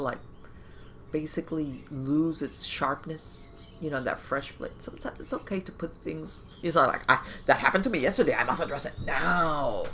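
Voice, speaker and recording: A podcast host talks in a casual interview, animated and full of fillers and restarts, and acts out inner voices. The voice is medium-pitched with vocal fry, and a little hiss or hum is audible.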